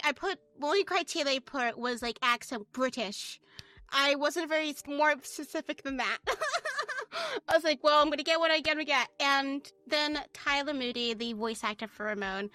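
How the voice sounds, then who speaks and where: A woman's voice: high voice, pushed and bright, no room sound. A woman game developer talking animatedly in a casual interview, laughing often and restarting her sentences. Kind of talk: casual chat.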